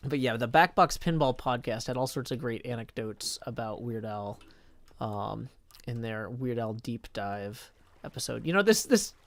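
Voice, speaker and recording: A man's voice: mid-range voice, expressive, moderate pace, no echo. Chatty man streaming live. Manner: chatty, thinks aloud, reads viewer chat. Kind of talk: casual live-stream chat.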